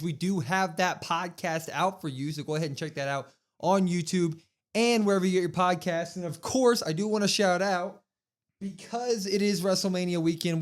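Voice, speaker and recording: A man co-hosting a podcast, recapping a wrestling show in casual chat and reading out quotes with emphasis. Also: high voice. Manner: animated, reads out quotes with emphasis. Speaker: podcast co-host.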